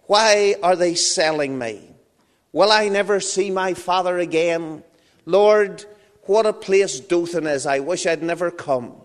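A man preaching, putting on the voice of a despairing young man crying out to God, high and loud in a long hall echo. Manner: pleading, anguished. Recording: long reverb of a large hall.

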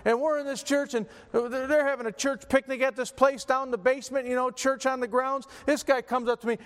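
A man's voice: extremely high pitch, little pitch movement, brisk, hardly any pauses. A man preaching a sermon, emphatic and repetitive, often restarting his phrases. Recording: long reverb from a hall.

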